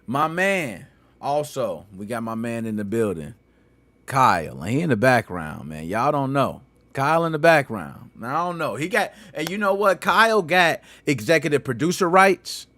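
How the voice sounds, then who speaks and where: A man hosting a casual gaming podcast, talking in animated, slangy banter and laughing often. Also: medium pitch, moderate pace. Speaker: podcast host.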